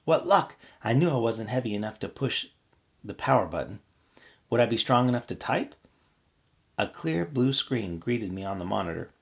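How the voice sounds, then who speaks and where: A man's voice: fairly low pitch, moderate pace, gravelly, pauses often, dull audio. A man reading a children's horror book aloud, narrating expressively. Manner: expressive storytelling. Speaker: reader.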